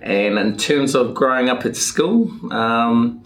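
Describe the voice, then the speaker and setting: A man with a New Zealand accent, a podcast guest telling his life story in a relaxed, thoughtful way with easy chuckles. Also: medium pitch, slow. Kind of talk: reflective life story, casual chat. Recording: echoey room.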